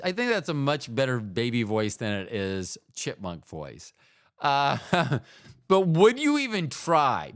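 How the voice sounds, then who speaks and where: Male solo podcast host, rambling and profane, smooth voice, dry booth sound. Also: mid-range voice, no room sound. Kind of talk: casual solo monologue.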